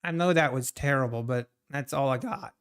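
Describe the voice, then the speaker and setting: A man's voice: medium pitch, normal speed, a bit bright, clean tone. A man streaming his trading live, talking to the chart and chatting with viewers between laughs.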